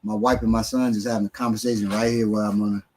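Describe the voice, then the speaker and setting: A man's voice: lowish voice, flat delivery, rapid-fire, darkish tone, rough recording. A man teaching martial arts on a casual live stream, answering questions in a blunt, streetwise way, sometimes swearing and often using fillers.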